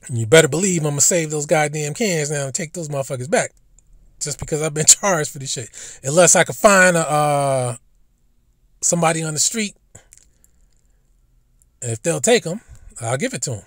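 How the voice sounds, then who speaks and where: A man's voice: fairly high pitch, animated, unhurried, long pauses, no room sound. Blunt, profane man rambling in a dry room. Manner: repeats and restarts words. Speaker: commentary channel host. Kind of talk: casual rambling monologue.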